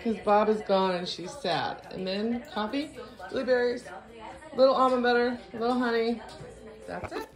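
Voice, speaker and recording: A woman's voice: on the high side, moderate pace, over music, low-quality recording. A cheerful, chatty woman vlogging on a phone, partly while out on a forest walk, cooing at her dog now and then. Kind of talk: casual chatty vlog.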